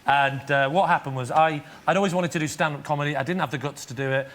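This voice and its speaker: A man on a chat show telling a comic anecdote in a measured way. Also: fairly high pitch, heavy background noise.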